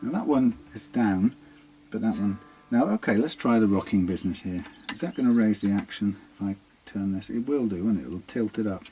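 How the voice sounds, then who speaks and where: A man's voice: on the low side, animated, brisk, hardly any pauses, warm tone. A man working as a guitar technician, talking himself through a hands-on workshop demonstration in a musing way.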